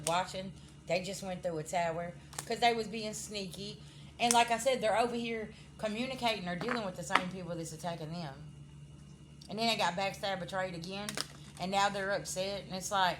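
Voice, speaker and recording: A woman talking straight to her viewers during a spiritual reading, at a mid pitch for a woman. She scolds bluntly, swears without holding back, and keeps checking in with her listeners. A faint hum of noise sits under her voice. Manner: addresses viewers directly, frequent "okay?" checks. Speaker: spiritual card reader. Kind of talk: casual spiritual reading to camera.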